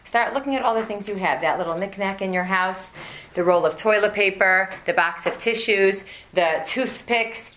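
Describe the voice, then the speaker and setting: A woman's voice: mid-range voice, normal speed, fairly bright tone. A woman in her forties giving a religious lesson to an audience, telling humorous family stories with many asides. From United States. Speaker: women's class teacher.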